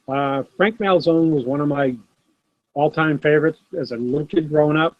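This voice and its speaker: A man's voice: on the high side, moderate pace, no echo. A middle-aged man, casually chatting on a live stream from his home desk and answering viewers by name, recorded on a laptop mic. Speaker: host of a live sports card stream. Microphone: laptop built-in camera mic. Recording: dull, dry laptop audio.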